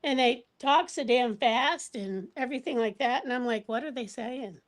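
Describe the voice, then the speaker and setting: A woman from the Pittsburgh area chatting as a guest on a live panel, full of quick asides and fillers. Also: fairly high pitch. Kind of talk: casual chat.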